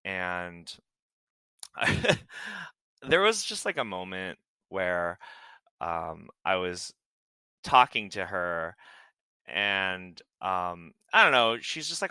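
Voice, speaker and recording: A man telling stories on a podcast in a loose, rambling way, full of fillers and bursts of laughter. His voice is strikingly bright and forceful, and it swoops up and down a lot. The sound is close and dry. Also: lowish voice, very animated, takes it slowly, clean tone, dry recording. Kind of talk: casual chat.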